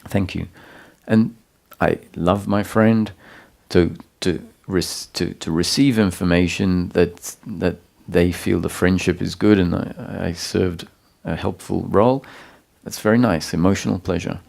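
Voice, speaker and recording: A man with a deep, gravelly voice speaks as a spiritual teacher at a satsang. He explains ideas slowly and calmly, pausing and restarting as he searches for the right words. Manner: calm, explanatory, with frequent pauses and restarts. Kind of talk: satsang talk.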